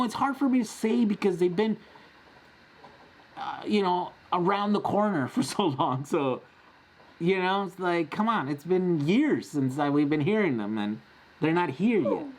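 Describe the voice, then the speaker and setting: A man in his forties hosting a casual live-stream Q&A, chatty and rambling, often laughing as he answers. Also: high voice. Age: 40s.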